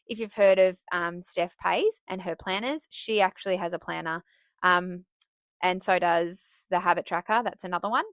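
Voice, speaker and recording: Chatty woman, podcast host; bright, crisp voice, dry room. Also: fairly low pitch, moderate pace, dry recording. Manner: chatty and self-laughing, with bursts of excitement. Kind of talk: casual advice talk.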